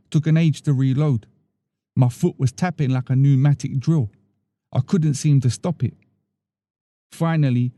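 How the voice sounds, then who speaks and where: Mellow man reading a story. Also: mid-range voice, no room sound. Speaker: storyteller, podcast host. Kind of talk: first-person story reading.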